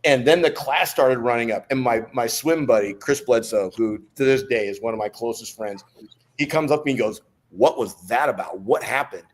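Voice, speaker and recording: A man's voice: medium pitch, brisk. A man in his fifties, a former Navy SEAL guest telling stories from his life in a casual interview and laughing between anecdotes. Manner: animated storyteller who laughs between anecdotes.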